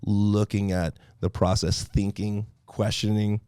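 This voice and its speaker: A man, a podcast guest, telling stories in a casual, animated way and laughing often. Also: on the low side, unhurried, clean tone, no room sound, studio quality. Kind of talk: casual storytelling.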